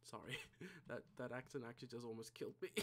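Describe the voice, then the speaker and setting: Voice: medium pitch, expressive, fairly quick. A gaming channel creator giving casual gameplay commentary, mumbling and thinking aloud to themself at a desk mic.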